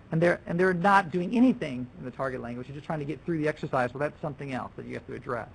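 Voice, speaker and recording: A man's voice: fairly high pitch, fast, vocal fry, hardly any pauses, slight background noise, low-quality recording. A man leading a workshop for language teachers, talking loosely with restarts and acting out what students and teachers say. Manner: conversational, with many restarts and acted-out student quotes. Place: lecture room.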